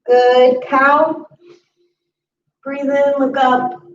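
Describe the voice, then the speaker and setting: A woman teaching a chair yoga class, calmly cueing each breath and movement. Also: sits high, extremely slow, faint music behind. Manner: calm instructive cueing of breaths and moves. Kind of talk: guided exercise class. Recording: roomy, distant, muffled audio with faint hiss.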